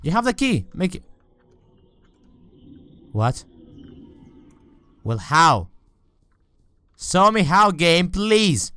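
A man's voice: high voice, sing-song, drawn-out words, pauses often, pushed and bright, clear, resonant tone, no echo. A man playing a horror game on camera, talking to the game and his viewers, often shrieking and swearing when scared. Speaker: let's play gamer.

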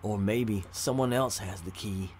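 A man's voice: lowish voice, a little slow, slight background noise, close to an everyday voice. Man voicing a giggling old necromancer. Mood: gloating. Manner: chuckling, sly and gloating. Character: giggling old male necromancer prisoner, gleeful.

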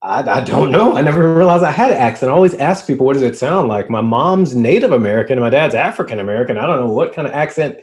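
Podcast guest, man, slight Virginia drawl, animated and chatty, mid pitch. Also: quick pace, few pauses. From Richmond, Virginia. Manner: animated, chatty, many fillers and restarts. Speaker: guest, happiness coach. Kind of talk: casual podcast interview. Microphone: remote call.

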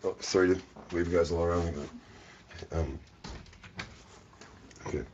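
A man with a very deep voice rambles to his livestream viewers, clearly drunk. He swears constantly and jokes loosely with the chat. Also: steady tone, moderate pace, a little mellow, highs cut off, slight background noise. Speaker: livestream musician.

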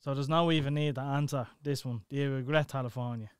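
A man's voice: medium pitch, fairly even intonation, quick pace, smooth, dry recording. An Irish man hosting a podcast in a studio, loose, bantering and swearing. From Ireland. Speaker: podcast host. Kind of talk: casual podcast chat.

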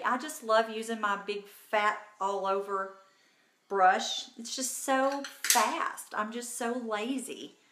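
A woman's voice: mid-range voice, fairly bright tone, echoey room, a little hiss or hum. A woman hosting a casual live makeup tutorial from home, chatty and bubbly, talking to viewers by name. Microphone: phone.

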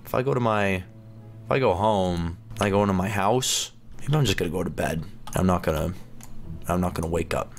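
A man hosting a gaming channel, chatting and reacting excitedly as he plays through a game. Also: low-pitched, moderate pace, slight background noise. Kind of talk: let's play commentary.

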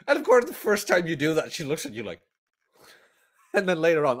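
A man hosting a casual livestream podcast and ranting with blunt, profane humor. His voice sits a touch high for a man and swings widely in pitch as he gets worked up. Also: sing-song, unhurried, long pauses. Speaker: podcast host.

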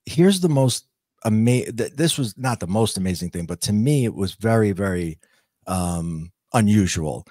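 Earnest low-voiced man recounting an experience. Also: lively intonation, dark tone, no room sound, studio quality. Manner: earnest, slow and reflective with restarts. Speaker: podcast guest, author. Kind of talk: personal storytelling.

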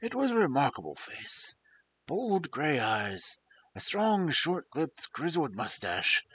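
A man reading a classic detective story aloud in an expressive narrating voice. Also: medium pitch, husky. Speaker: audiobook reader.

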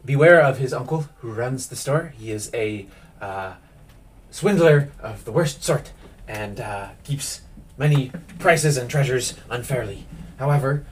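A man plays a worried young noblewoman in a tabletop game. She speaks earnestly and formally, and hesitates as she pleads. The voice sits in an ordinary middle pitch. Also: expressive, a little slow, far from the mic, lightly acted, rough recording.

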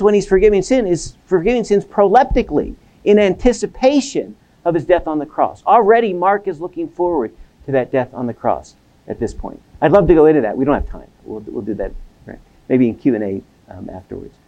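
Seminary lecturer, male, slightly high voice, animated delivery, frequent restarts. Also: brisk. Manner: animated, acts out quoted voices, repeats words. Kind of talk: academic lecture. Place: lecture hall.

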